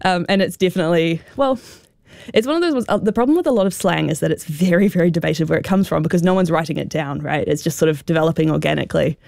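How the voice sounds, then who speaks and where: A woman's voice: deep voice, fast talker, gravelly, darkish tone, dry recording, studio quality. A woman with a New Zealand accent, a guest expert explaining slang in a radio interview, talking with many fillers like "sort of" and "um".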